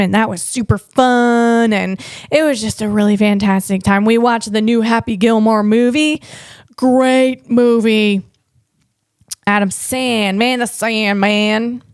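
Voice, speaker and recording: A woman with a fairly high voice hosts a comedy podcast and spins loose, rambling stories about her family. She gushes and drifts, tossing in a playful "man" and "you know" as she goes. Her voice sits close and dry, with almost no room sound. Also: clean tone, no echo. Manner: gushing and animated about family. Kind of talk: casual comic storytelling.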